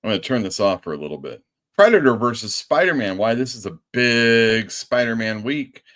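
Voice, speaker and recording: A man's voice: medium pitch, big pitch swings, moderate pace, a bit bright. A man hosting a livestream show as a comic shop owner, chatty and self-mocking. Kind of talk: casual livestream talk.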